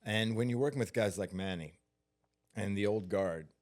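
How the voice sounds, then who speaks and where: Man, stuntman guest, low voice, unhurried storyteller, lots of fillers. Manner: unhurried, with many fillers and restarts. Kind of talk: relaxed storytelling interview.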